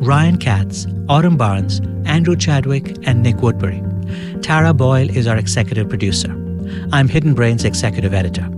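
A man hosting a podcast, reading a scripted introduction and credits in a measured storytelling way. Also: medium pitch. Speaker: podcast host.

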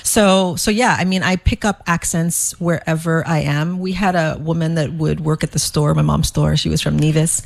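A woman from St. Croix, an author being interviewed, talking in a quick, animated way with frequent restarts. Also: sits low, gravelly. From St. Croix, US Virgin Islands. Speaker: author and guest. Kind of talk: casual interview chat.

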